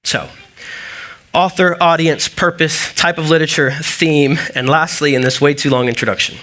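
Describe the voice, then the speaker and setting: A man's voice: a little high, steady tone, normal speed, bright, forceful tone. A man preaching a sermon as pastor, talking casually, telling stories with asides and fillers. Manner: conversational, storytelling with asides and fillers.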